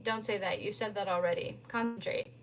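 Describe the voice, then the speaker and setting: A woman's voice: medium pitch, brisk, natural voice. A woman reading aloud, voicing a bitter young woman on the phone who is blunt and cutting. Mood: cool.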